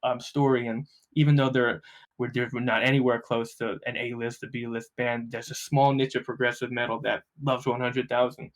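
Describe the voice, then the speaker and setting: Speaking at a normal speed in a mid-range voice, a young New Jersey man guesting on a podcast spins casual stories. He's profane and animated, mimicking the voices of anyone he quotes.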